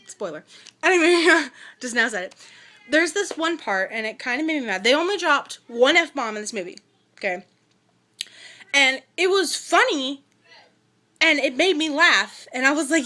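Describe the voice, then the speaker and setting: Young woman, casual movie rant, bright tone, slightly high voice, lots of "like" and "you know". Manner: chatty, ranting, many fillers and asides. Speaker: vlogger.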